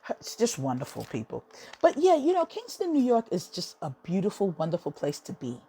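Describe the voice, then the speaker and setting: A woman's voice: medium pitch, huge pitch swings, fairly quick, warm tone, husky. A woman hosting a podcast from her home office, talking casually and emotionally, gushing and repeating words for emphasis. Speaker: podcast host. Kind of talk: casual monologue.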